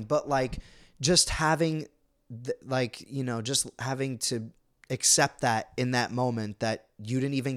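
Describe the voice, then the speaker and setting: A man's voice: medium pitch, fairly bright tone. A young man co-hosting a podcast, talking in a casual, emotional way with many restarts and self-blame. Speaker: podcast co-host. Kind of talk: casual chat.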